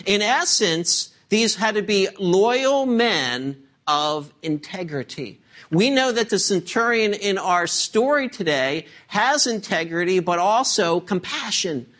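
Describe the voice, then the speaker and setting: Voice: mid-range voice, big pitch swings, slow, a bit bright. A preacher delivering a sermon with emphatic delivery and frequent rhetorical questions to the congregation.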